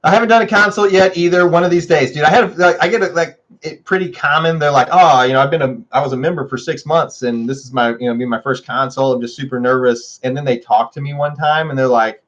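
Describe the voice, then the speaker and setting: A man's voice: quick pace, few pauses, a bit bright, lo-fi sound. Chatty man hosting a livestream. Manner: chatty, laughs often, scolds his dogs in a high voice. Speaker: livestream host. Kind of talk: casual livestream chat.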